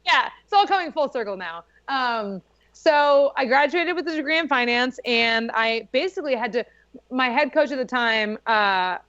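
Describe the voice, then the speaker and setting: A young woman with a higher voice talks as a podcast guest, telling her story casually and with plenty of "like". The sound is dull and lo-fi, dry and close, with no room around it. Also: fairly bright tone, dry recording. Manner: chatty, lots of "like", laughs while telling.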